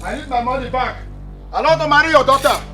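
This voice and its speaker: An actor with a Nigerian accent playing a furious jilted young man who shouts and repeats his demand for his money back. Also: very high-pitched, fast talker, distant mic. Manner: shouting, repetitive ranting. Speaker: angry suitor demanding money. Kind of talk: Nollywood film acting. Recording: echoey room with film music.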